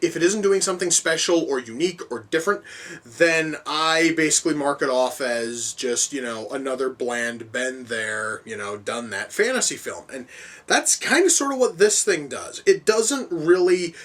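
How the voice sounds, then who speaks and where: A man's voice: a little high, normal speed, a bit bright, recorded from a distance. Rambling man reviewing a film. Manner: rambling, many restarts and fillers, mild swearing. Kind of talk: casual spoken film review.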